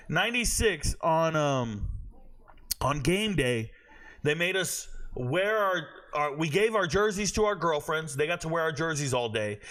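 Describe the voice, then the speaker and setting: A man in his forties hosting a live stream, joking loudly with his chat viewers in casual slang and telling stories. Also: on the high side. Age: 40s. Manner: loud, joking, slangy storyteller.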